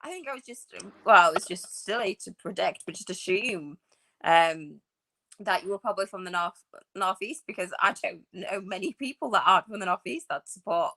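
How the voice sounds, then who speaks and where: A chatty woman, rambling happily and poking fun at herself. Her voice is bright and forward, sitting in an ordinary middle pitch. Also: moderate pace. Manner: chatty, rambling, self-deprecating. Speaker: podcast co-host. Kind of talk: casual chat.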